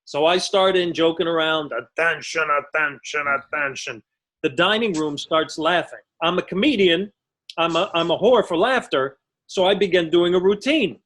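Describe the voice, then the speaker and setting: Stand-up comic, male, forties, high voice, conversational storytelling with self-mocking punchlines, performing over a video call from home. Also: moderate pace, a bit bright, rough recording. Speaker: stand-up comedian.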